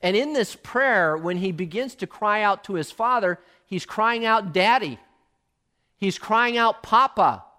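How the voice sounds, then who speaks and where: A male preacher giving a sermon, emphatic and swinging between loud and hushed. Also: sits high, unhurried, few pauses.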